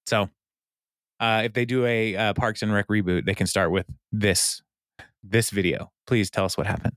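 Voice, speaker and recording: A man with a lowish, smooth and clear voice talks through a TV episode in a relaxed podcast chat. He acts out the characters' lines as he goes. His voice sits close and dry on the mic, with no room sound. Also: moderate pace, dry recording. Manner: retells scenes animatedly, acting out characters' lines with laughs. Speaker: podcast co-host. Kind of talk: casual recap chat.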